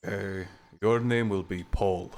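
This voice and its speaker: A man voicing an orc man who is an ally of a rebellion. He speaks in a slow, halting way and repeats his words in a tabletop game. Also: sits low, fairly even intonation, a little mellow. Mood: solemn. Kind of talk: tabletop roleplay in character.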